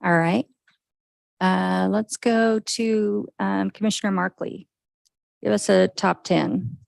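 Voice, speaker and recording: A woman facilitating a government budget meeting, brisk and encouraging, with frequent okays as she calls on each member. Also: medium pitch, steady tone, gravelly, no echo, rough recording. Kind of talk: leading a group discussion.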